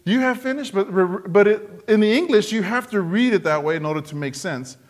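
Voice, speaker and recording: A preacher with a rather high voice gives a sermon at a moderate pace. He is earnest and repeats phrases for emphasis, sinking low and soft on the words that matter most.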